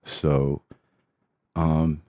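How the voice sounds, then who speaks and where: Podcast host, man, very low and mellow voice, rambling and self-mocking, dry close mic. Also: flat delivery, drawn-out words, no echo. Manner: rambling, self-deprecating, laid-back. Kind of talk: casual solo podcast chat.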